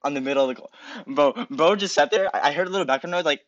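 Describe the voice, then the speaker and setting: A man's voice: fairly high pitch, quick pace, a bit bright, no echo. A young man making joking prank calls, chatting casually and laughing with a friend. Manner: joking, giggly banter with a friend. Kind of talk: casual gaming chat. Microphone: headphones with desk mic. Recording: dull lo-fi audio.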